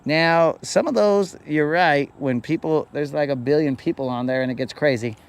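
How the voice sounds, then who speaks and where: Speaking at normal speed in a fairly high voice, a middle-aged man chats and jokes with viewers during a rambling fishing livestream from a lake boat. A little hiss or hum can be heard.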